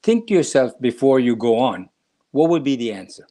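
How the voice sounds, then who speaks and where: A man's voice: medium pitch, animated, normal speed, dark tone. A man lectures on scripture in a mid-range voice. He explains patiently, weaving in stories and addressing the listener directly. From India. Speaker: spiritual teacher.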